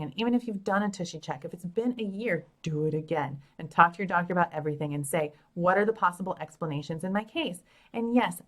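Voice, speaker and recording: Chatty woman doctor with a lowish voice. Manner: chatty, upbeat, frank, laughs at herself. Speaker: fertility doctor answering viewer questions. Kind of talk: casual live Q&A chat. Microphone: phone.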